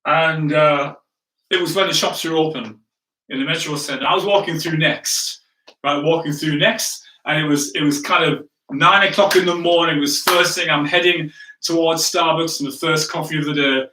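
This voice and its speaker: A pastor with a steady, somewhat high voice that sounds pushed and bright preaches a sermon at a moderate pace, recorded from a distance in an echoey room with a little hiss or hum. He tells a story in a chatty, self-mocking way, often checking in with listeners through frequent "right?" asides.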